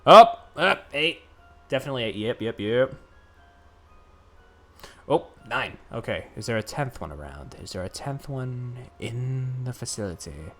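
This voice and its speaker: A man casually commenting while streaming a puzzle game, chatty and quick to laugh. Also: medium pitch, expressive, soft background music.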